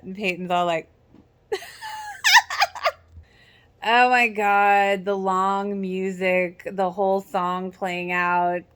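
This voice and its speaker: A woman giving casual rewatch reaction commentary, chatty and giggly, quickly mimicking characters' lines. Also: medium pitch, fairly bright tone. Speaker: show reaction host.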